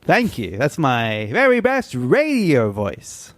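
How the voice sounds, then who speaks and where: A man's voice: mid-range voice, huge pitch swings, slow pace, no room sound. A man hosting a board game podcast in casual chat with co-hosts. He is upbeat and laughs easily. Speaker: podcast host.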